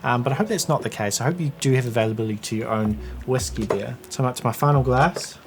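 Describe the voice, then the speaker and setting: A man's voice: mid-range voice, quick pace, music in the background. A man giving a casual whisky tasting review, chatting and thinking aloud as he tastes.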